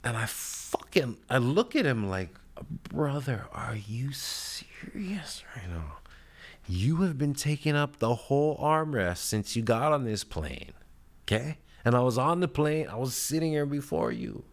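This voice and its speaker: A man hosting a podcast, telling a story in a profane, heated, rambling way, with lively swings in pitch and loudness. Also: normal speed. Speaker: podcast host. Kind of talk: casual storytelling rant.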